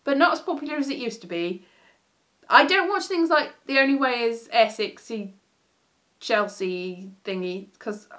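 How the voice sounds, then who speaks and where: Brief: woman livestream host, fairly high voice, rambling and self-correcting chat. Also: fairly bright tone. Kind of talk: casual chat.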